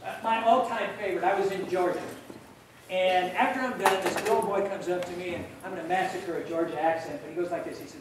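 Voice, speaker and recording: A man giving a motivational keynote talk to students, telling funny stories in an animated way. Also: sits high, fast, noisy background. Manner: animated, humorous storytelling. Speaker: motivational speaker. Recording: echoey hall from far off.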